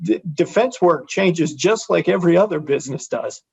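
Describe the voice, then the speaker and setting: Gravelly, husky-voiced male interviewer. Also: sits high, animated, normal speed. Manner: affirming, conversational. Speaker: interviewer host. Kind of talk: casual interview talk. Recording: dull lo-fi sound.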